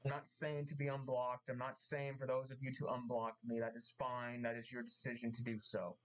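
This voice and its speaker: Man, vlogger, halting earnest apology, mid pitch. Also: monotone, low-quality recording. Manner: halting, repeats himself, earnest and emotional. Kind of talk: apology vlog. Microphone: mask on, camera vlog.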